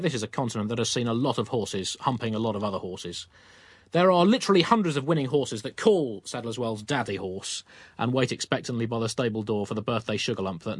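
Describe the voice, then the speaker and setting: An Englishman co-hosts a comic news podcast, reading absurd news items in a dry mock-newsreader style with deadpan jokes. His medium-pitched voice is recorded with no room sound.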